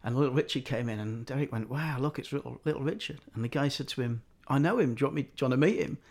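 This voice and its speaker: A man's voice: medium pitch, racing, darkish tone. A middle-aged man telling anecdotes in casual chat, acting out the voices of people he quotes.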